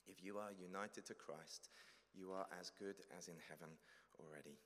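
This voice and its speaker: A man preaching a sermon in a church, earnest and emphatic, slowing down to stress key words. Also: low-pitched, a bit bright. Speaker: pastor. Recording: long echo of a large hall.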